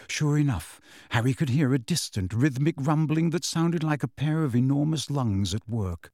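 Reading fantasy fiction aloud, this male audiobook narrator has a mid-range voice and an expressive, measured delivery. The recording is dry, with studio quality.

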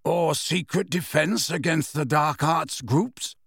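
A man's voice: on the high side, slow pace, creaky, fairly bright tone, husky, no room sound, studio quality, heavily acted. A man doing a wry, self-assured grown man.

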